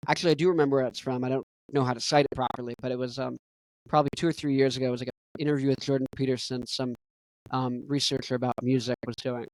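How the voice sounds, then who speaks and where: A man's voice: mid-range voice, fairly even intonation, fast, dry recording, poor audio. Young male podcast host; loose, chatty, filler-heavy delivery with a mid-range voice, recorded dry. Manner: rambling, full of "right?" and "you know" asides. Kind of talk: casual solo podcast monologue.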